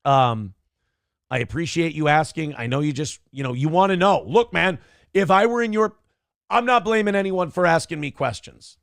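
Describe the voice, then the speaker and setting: A man in his thirties chats on a livestream, reading viewers' donation messages and laughing them off. His voice sits a little high and carries a gravelly rasp. The sound is close and dry, with no room echo. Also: expressive, normal speed. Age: 30s. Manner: laughing, bantering, evasive. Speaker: livestream host.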